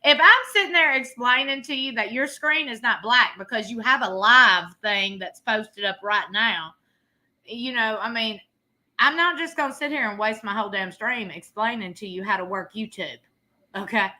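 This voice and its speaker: A woman's voice: fairly high pitch, moderate pace, bright, forceful tone. A woman, hosting a live stream and talking bluntly and sassily, laughing often. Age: 30s. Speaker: livestream host. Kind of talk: casual live commentary.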